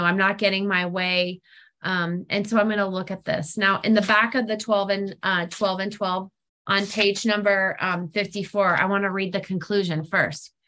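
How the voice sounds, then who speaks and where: A woman's voice: mid-range voice, a bit bright. Middle-aged woman, mid-range voice, candid sharing, frank, self-deprecating, livelier when quoting herself. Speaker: speaker sharing on recovery program. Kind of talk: candid personal sharing talk.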